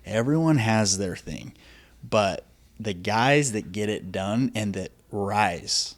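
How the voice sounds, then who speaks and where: A man in his thirties chats casually as a host, his voice sitting a little low. He talks loosely, filling his sentences with "dude" and "like" as he tells a story. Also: animated, slow pace. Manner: casual, says "dude" and "like" a lot. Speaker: podcast host. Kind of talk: casual interview chat.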